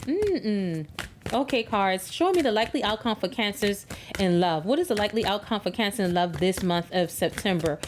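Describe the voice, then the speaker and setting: A woman's voice: mid-range voice, animated, normal speed, slight background noise. Emphatic woman tarot reader, preachy. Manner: emphatic, preachy, repeats words. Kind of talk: tarot reading monologue.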